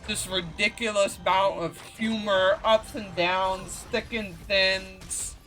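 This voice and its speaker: A bright, forceful male streamer ranting in slow, drawn-out outbursts of swearing at a game villain. Game music plays faintly underneath. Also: high-pitched, steady tone. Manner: profane, indignant ranting. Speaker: gaming streamer. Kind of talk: let's play commentary.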